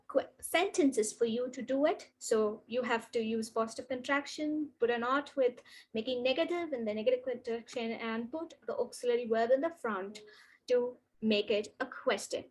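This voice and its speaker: A woman with a high voice teaches an online English grammar lesson. She reads each example sentence slowly and with care. She leans on the rising intonation of questions. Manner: slow, deliberate reading of example sentences.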